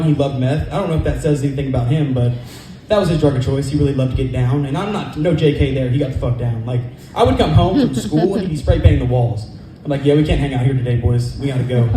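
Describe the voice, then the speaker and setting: Man, stand-up comic, fast talker, profane, rambling stories, mellow tone, echoey club room. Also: a little high, a little hiss or hum. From California. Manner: rapid, profane, rambling storytelling. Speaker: stand-up comedian. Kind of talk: stand-up set at an open mic. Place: comedy club open mic night.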